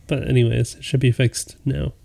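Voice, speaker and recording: An easygoing woman co-hosts a podcast and keeps the conversation moving. Her voice is mellow and dark with a gravelly edge. She sounds encouraging as she leads into the next topic. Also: a bass voice, level tone, normal speed. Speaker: podcast co-host. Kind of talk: casual chat.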